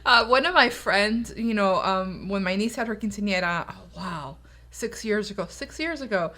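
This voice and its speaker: A woman's voice: mid-range voice, moderate pace. A woman from the US South, co-hosting a radio podcast in casual chat, telling stories and acting out the voices she quotes. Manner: animated storyteller, acts out quoted voices. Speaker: podcast co-host.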